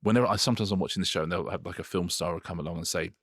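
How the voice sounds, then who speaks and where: Low-pitched man, middle-aged, enthusiastic rambling chat, dry close podcast mic. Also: racing, husky, dry recording. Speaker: podcast co-host, TV producer. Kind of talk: casual chat.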